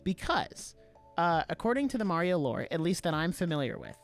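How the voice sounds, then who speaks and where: A young man co-hosting a podcast, talking casually and defending his opinions with animated emphasis. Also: fairly high pitch, fairly quick, faint music behind. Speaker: podcast co-host.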